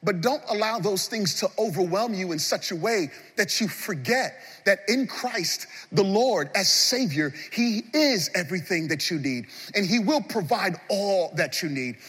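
A man preaching a sermon as pastor of a large church, swinging between loud passionate appeals and hushed moments. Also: sits high, lively intonation, a little slow, hardly any pauses, slightly rough, in a large hall.

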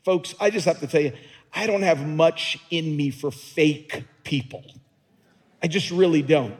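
Husky high-voiced preaching man, reverberant hall. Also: a little slow. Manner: earnest, emphatic preaching with repeated words and restarts. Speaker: pastor. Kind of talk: sermon. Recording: long reverb in a large hall.

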